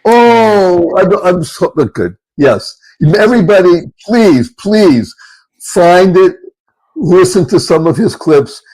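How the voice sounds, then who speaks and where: A male podcast host chats casually in a somewhat high voice. He speaks with effusive enthusiasm and often praises his guest. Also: animated, takes it slowly, darkish tone, rough recording.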